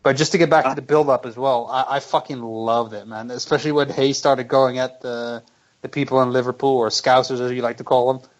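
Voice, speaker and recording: A man hosting a casual boxing chat, swearing freely and restarting his sentences as he gets excited. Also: medium pitch, fairly quick, low-quality recording. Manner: profane, excitable, stammering restarts. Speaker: podcast host.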